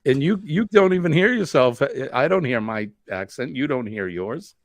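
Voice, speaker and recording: A man's voice: mid-range voice, animated, moderate pace, no echo. A man from New England with a Boston accent, hosting a live stream, chatting in a rambling way and answering viewer comments. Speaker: host.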